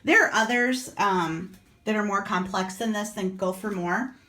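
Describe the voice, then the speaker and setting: A woman's voice: medium pitch, a little slow, fairly bright tone. Chatty middle-aged woman reseller vlogging. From Iowa, USA. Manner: chatty, frank, matter-of-fact about prices. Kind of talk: casual vlog narration.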